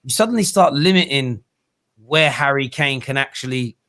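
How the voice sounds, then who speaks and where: A man's voice: medium pitch, animated, normal speed, fairly bright tone. A man hosting a casual live stream, chatty and rambling as he takes a caller. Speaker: host.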